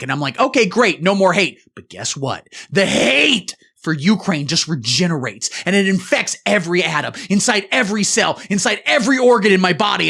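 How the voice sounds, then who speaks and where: A man's voice: sits high, vocal fry, pushed and bright. A man hosting a satire show, delivering a political rant in a mock-serious pundit manner.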